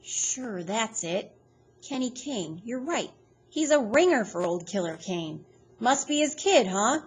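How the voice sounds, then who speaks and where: A woman reading aloud, voicing a surly, threatening man with curt, loud lines. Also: on the high side, animated, moderate pace, breathy edge, voice pushed up. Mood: menacing. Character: menacing tattooed man, gruff and surly. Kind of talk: read-aloud storytelling.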